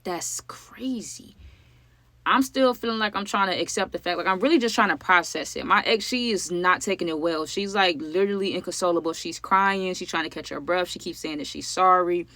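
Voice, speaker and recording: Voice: medium pitch, brisk, hardly any pauses, bright, forceful tone, no room sound. A vlogger telling a true story in casual narration, full of "like" and "you know what I'm saying," talking straight to the viewers. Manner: talks straight to viewers as "y'all".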